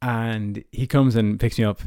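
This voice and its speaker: An Irish man in his early twenties hosts his podcast, telling personal stories casually and loosely, with frequent fillers. His voice sits in a middle pitch. The sound is dry with no room echo. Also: fairly even intonation, unhurried, mellow, clean tone. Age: early 20s. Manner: chatty, many fillers like "like" and "you know". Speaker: podcast host.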